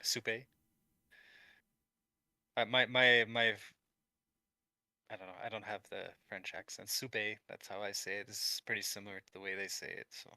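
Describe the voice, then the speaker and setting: A man's voice: on the low side, level tone, a little fast, bright, forceful tone, no echo. A man from Quebec chatting casually as co-host on a livestream, easygoing, with fillers and chuckles. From Quebec, Canada.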